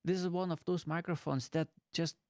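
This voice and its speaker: Man, non-native English, halting, casual vlog explainer, fairly high voice, smooth, close dynamic mic, dead dry bedroom. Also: fairly even intonation, darkish tone, dry recording. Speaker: YouTuber. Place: small bedroom with pillows piled around. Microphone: close dynamic studio mic.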